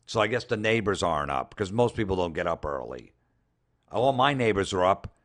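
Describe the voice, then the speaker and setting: A man with a lowish voice rants through social media posts in comedic commentary. He is sarcastic and openly incredulous, and he swears freely as he mocks each line. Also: big pitch swings, a little fast, a bit bright. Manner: sarcastic, incredulous, profane ranting. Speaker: comedian host.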